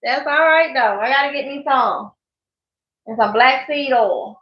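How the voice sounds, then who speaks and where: High-voiced chatty woman. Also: a little slow. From Mississippi. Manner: chatty, laughs often, reads out viewer comments. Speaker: channel host. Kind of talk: casual live stream chat. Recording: echoey, dull lo-fi sound.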